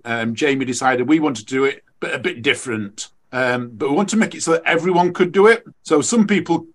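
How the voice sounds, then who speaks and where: Chatty British man telling stories. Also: on the high side. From United Kingdom. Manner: chatty storyteller, animated when excited, many fillers. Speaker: race director guest. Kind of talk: casual podcast chat.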